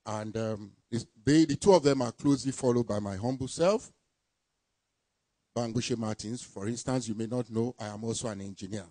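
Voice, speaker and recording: A man giving a formal ceremony speech, deliberately reading out names and titles. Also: mid-range voice, warm tone, dry recording. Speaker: permanent secretary presenting a project team.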